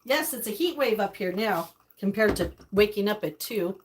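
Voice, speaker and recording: Speaking at a moderate pace in a mid-range, animated voice, an older woman runs a casual cooking livestream from her home kitchen. Chatty and bubbly, she greets viewers by name.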